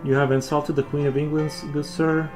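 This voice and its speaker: A man putting on the voice of a pompous, mock-formal English gentleman who takes offense. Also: a little high, little pitch movement, a little fast, music in the background, natural voice. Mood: haughty.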